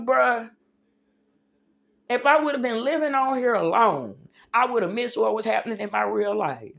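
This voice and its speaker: A woman's voice: a little high, gravelly, a bit bright. A woman livestreaming an impassioned religious rant, preachy and emphatic, calling her viewers y'all and baby.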